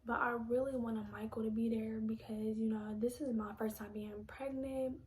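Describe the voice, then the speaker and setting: A woman's voice: on the high side, fairly even intonation, brisk, hardly any pauses, darkish tone, slight background noise. Young woman half-whispering, near tears. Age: young adult. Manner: emotional, half-whispered, holding back tears. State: close to crying. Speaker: vlogger. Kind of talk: personal storytelling vlog.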